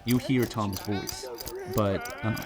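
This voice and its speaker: A man running a horror tabletop game as game master, narrating in a measured way with frequent fillers. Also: lowish voice, fairly even intonation. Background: music.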